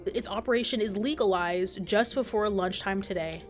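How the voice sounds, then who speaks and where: A woman reading a stern older female agency chief, cold, clipped, dismissive, middle pitch, faint game music. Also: moderate pace, natural voice. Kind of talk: reading game dialogue aloud.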